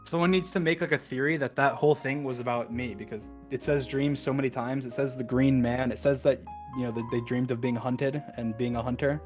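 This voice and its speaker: A man's voice: mid-range voice, steady tone, brisk, hardly any pauses. A man streaming to a voice call, reading a long text aloud in a rush and breaking off for joking asides. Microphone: computer mic in a voice call. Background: soft added music.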